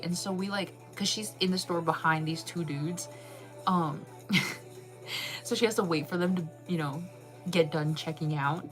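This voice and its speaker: Animated young woman telling a story. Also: normal speed, faint music behind. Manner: animated, acts out her own lines in a higher voice, laughs often. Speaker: channel host. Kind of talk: casual storytelling.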